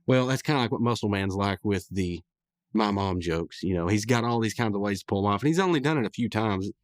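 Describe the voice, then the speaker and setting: A man's voice: on the low side, fast, dry recording. A male podcast host rambling casually through a recap of a cartoon episode, with lots of restarts. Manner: rambling, with many restarts and fillers.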